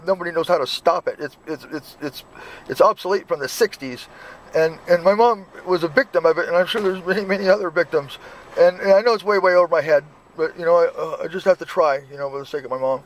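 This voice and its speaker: A man, the channel host, talking in a casual, halting way that repeats words and restarts often. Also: a little high. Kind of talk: casual chat and phone calls.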